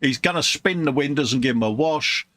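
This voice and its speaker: A man's voice: on the high side, brisk, a bit bright, no room sound. A British man hosting a casual livestream chat at his hobby bench, jokey and full of playful slang, sounding tired. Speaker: livestream host. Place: hobby workbench room.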